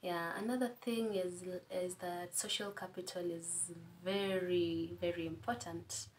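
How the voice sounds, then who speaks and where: A woman's voice: lowish voice, steady tone, unhurried, slight background noise. A young woman with a Kenyan accent, chatting as a guest and giving friendly advice, laughing at her own stories. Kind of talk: casual advice-giving conversation.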